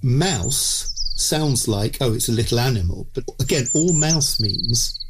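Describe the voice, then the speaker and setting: A man bird expert explaining word origins outdoors, measured and patient. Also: medium pitch, animated, heavy background noise. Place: outdoors among birds and insects. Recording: outdoor birdsong and insects loud.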